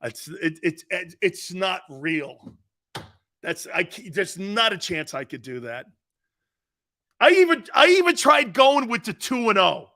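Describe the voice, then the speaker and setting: A man's voice: high-pitched, big pitch swings, a little slow, pushed and bright. A middle-aged man hosting a sports talk radio show, brash and mocking, talking back to his listeners. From United States.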